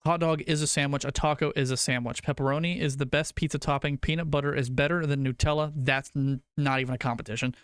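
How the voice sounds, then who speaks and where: A young man streaming to his chat, rambling through food debates and cursing casually. His voice is smooth and clear, recorded dry and close on a desk mic. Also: fairly high pitch, steady tone, fast, few pauses, dry recording. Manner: rambling, swears casually, argues food opinions.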